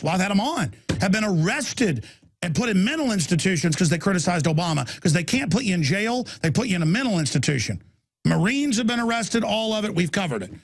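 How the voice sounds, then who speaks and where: A middle-aged man hosting a talk radio show, ranting aggressively with loud combative outbursts and a raspy voice. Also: high-pitched.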